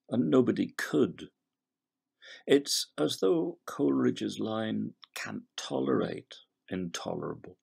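Older-sounding prof, gravelly husky voice, talks poetry slow, fades out quiet at phrase ends. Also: male voice, deep voice. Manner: measured, analytical, trails off softly at phrase ends; scans verse syllable by syllable. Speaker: literature professor. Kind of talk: recorded lecture on poetry.

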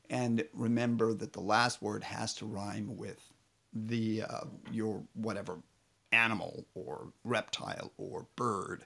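Slow-talking playful male music teacher. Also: fairly low pitch, fairly even intonation, creaky, fairly bright tone. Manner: playful, rambling, sings phrases, self-corrects often; drums on a table. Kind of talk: kids' music lesson.

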